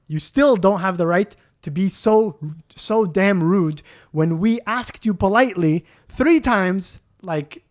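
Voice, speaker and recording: A man co-hosting a podcast, telling a story in a casual, animated way with lots of "dude" and "like". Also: high-pitched, a little slow. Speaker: podcast host.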